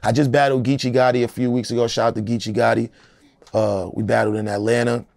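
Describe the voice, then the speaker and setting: A middle-aged man, a rapper, speaks in an interview with a gravelly, rough edge to his voice. He talks in a loose, emphatic, streetwise way. The sound is dry and close-miked. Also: medium pitch, level tone, quick pace, a little mellow, dry recording. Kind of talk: casual interview talk.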